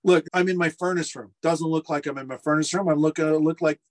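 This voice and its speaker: A middle-aged man, a restaurateur guest, telling lively anecdotes on a video call from his home furnace room and acting out the quotes. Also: a little high, brisk. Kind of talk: casual storytelling interview.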